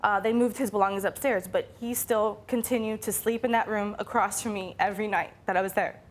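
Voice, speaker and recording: A woman's voice: mid-range voice, steady tone, fairly quick, slight background noise. A young woman from Philadelphia, the plaintiff on a courtroom show, telling her story in an upset and indignant way.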